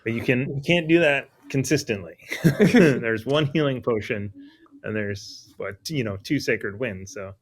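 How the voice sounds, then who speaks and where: A male guest commentator speaks in a matter-of-fact way in casual chat. His voice sits at a middle pitch. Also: measured pace.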